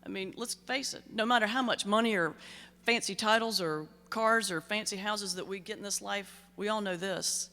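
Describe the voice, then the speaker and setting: A middle-aged woman minister, her mid-range voice bright and forceful at a moderate pace, entertains a large banquet hall with keynote storytelling. She speaks conversationally and lands her jokes with comic timing, and the hall's reverberation colors the recording.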